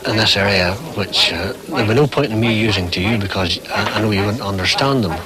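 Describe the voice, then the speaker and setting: A man, a farmer, speaking slowly and hesitantly with many pauses. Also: lowish voice, crowd noise, rough recording. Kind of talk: interview talk.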